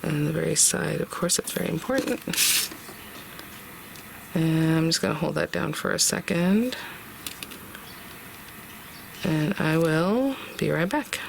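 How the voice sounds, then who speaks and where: A chatty crafter walks through a project step by step, thinking aloud as the work goes. The voice has a heavy gravelly fry at a middle pitch. A steady noise hums behind it. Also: unhurried, pauses often. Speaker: craft tutorial host. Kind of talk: casual step-by-step craft tutorial.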